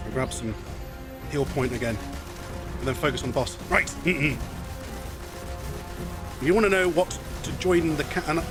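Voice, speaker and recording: A man streaming a video game, chatting in a rambling way and often laughing. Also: on the high side. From half Scottish. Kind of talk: live game stream commentary.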